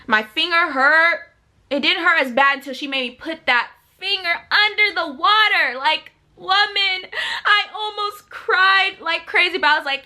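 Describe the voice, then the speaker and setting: A teenage girl vlogger telling a personal story in a casual, animated way, full of fillers. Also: extremely high pitch. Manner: animated, dramatic retelling with many "like"s.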